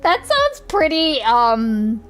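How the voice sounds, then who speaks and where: High-pitched young woman streamer, giggly, rambly, keeps restarting sentences. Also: huge pitch swings, extremely slow, fairly bright tone. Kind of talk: casual livestream chat.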